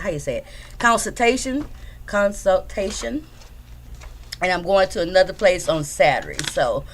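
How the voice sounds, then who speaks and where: A woman's voice: fairly low pitch, a little hiss or hum. A woman hosting a casual livestream from home, chatting loosely and greeting her viewers by name. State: a bit out of breath. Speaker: livestream host.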